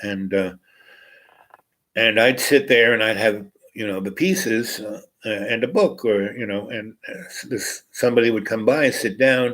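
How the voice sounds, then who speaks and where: A man's voice: fairly low pitch, normal speed, a bit bright, low-quality recording. A man casually telling a long personal anecdote, rambling with many fillers and restarts. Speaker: host.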